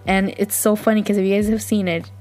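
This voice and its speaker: A woman's voice: medium pitch, steady tone, fast talker, darkish tone, faint music behind. A woman hosting a casual podcast, chatting and gushing, laughing often and saying "like" a lot. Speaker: podcast host. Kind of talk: casual recap chat.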